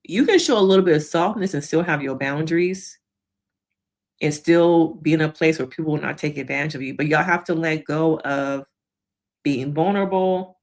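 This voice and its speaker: A woman therapist giving a casual, animated recap of a reality show episode, acting out quotes and laughing along the way. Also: low voice, normal speed.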